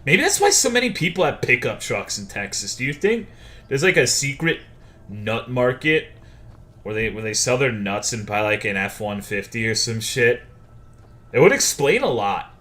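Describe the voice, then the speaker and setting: A man's voice: medium pitch, very animated, normal speed, sharp tone. A young man streaming a game, chatting casually with viewers, swearing often and joking. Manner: profane, joking, reading chat aloud. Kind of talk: casual live-stream chat.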